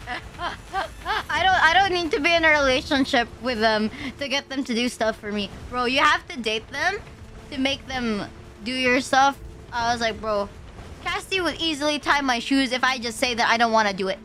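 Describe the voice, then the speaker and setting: High bright young woman streamer. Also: normal speed. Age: young adult. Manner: rambling storytelling, swears often, lots of "like". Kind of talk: casual livestream chat.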